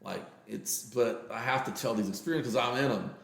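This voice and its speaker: A man with a Texan accent, telling a personal story in a casual interview, earnest and halting with many fillers. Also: mid-range voice, vocal fry, roomy sound. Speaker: interview guest.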